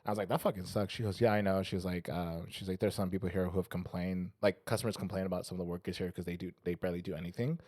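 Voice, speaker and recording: Fast-talking low-voiced man telling stories. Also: fairly even intonation, a little mellow, dry recording. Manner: rapid anecdote-telling, acting out quoted people, frequent swearing. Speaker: podcast co-host. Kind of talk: casual chat, storytelling.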